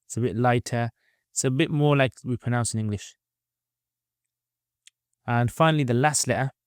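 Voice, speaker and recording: A man's voice: medium pitch, no room sound, studio quality. A man teaching Arabic letters step by step, patiently repeating each sound for learners to copy. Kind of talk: slow step-by-step lesson.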